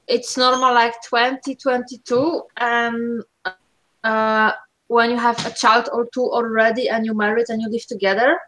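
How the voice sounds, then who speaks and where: Woman debater, halting and filler-heavy, slightly high voice. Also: a bit bright, slight background noise, poor audio. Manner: halting, with many fillers and restarts. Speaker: participant in a discussion. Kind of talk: casual debate.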